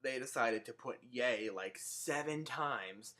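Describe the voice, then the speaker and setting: A young man ranting sarcastically into his own camera in a comedic vlog, animated and given to swearing. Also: medium pitch, slow pace. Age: young adult. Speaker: vlogger.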